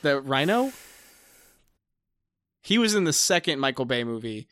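A man's voice: mid-range voice, very animated, measured pace, fairly bright tone, dry recording, clean studio sound. A man in his thirties co-hosting a podcast, chatting casually and rambling with many restarts, fillers and swearing. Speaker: podcast co-host. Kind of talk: casual chat.

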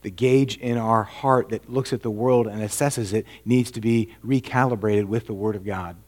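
A man preaching a sermon as a pastor, earnest and full of rhetorical questions, dropping to a hush and then rising to emphatic points. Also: medium pitch.

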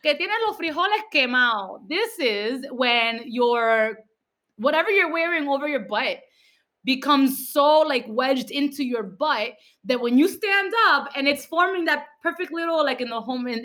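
Woman podcast host from Cuba, animated casual storyteller, high bright voice. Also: a little slow. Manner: animated storyteller, mixes in Spanish. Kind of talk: casual chat.

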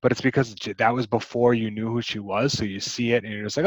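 A man's voice: fairly low pitch, fairly even intonation, quick pace, dry recording, low-quality recording. A man co-hosting a podcast, chatting casually about a movie, rambling with many restarts and fillers. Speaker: podcast co-host.

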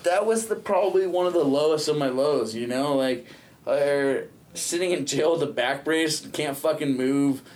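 A man's voice: a little high, normal speed, darkish tone. A man casually telling a long, profane story, peppering it with "dude" and "you know what I mean".

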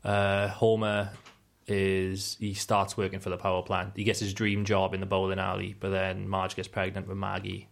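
A man's voice: low-pitched, completely flat delivery, normal speed, vocal fry, few pauses. A man chatting casually about cartoons, rambling with many fillers and restarts. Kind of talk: casual chat.

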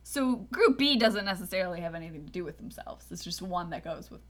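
A woman co-hosting a casual podcast, chatty and giggly, thinking out loud as she talks. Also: lowish voice, animated, fast. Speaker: podcast co-host.

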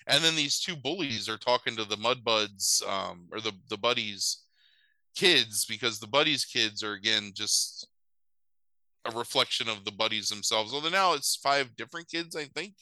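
A man's voice: lowish voice, normal speed, pushed and bright, no echo, rough recording. Sarcastic man recapping a movie. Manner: profane, sarcastic, does voices. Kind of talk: casual comedic movie recap.

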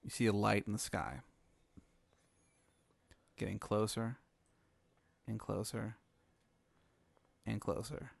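A man hosting a podcast, improvising an absurd story in a rambling, deadpan way. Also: on the low side, slow, gravelly, long pauses, no room sound. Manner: rambling, deadpan, many fillers and restarts. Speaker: podcast host.

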